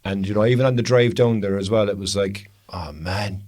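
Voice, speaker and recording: A man's voice: fairly low pitch, a little fast, a little mellow. An Irish man co-hosting a photography podcast, telling stories eagerly in casual chat. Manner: enthusiastic storyteller, says "man" and "you know".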